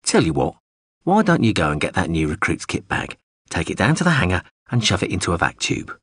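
A man's voice: deep voice, huge pitch swings, fairly quick, fairly bright tone, breathy edge, no room sound, studio quality, full character voice. A man voicing a cold starship pilot who gives clipped, commanding orders. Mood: curt.

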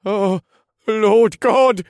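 A man voicing a panicked young male guard who shouts frantically in an audiobook. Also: high-pitched, drawn-out words, no echo, studio quality, pitched above the performer's own voice.

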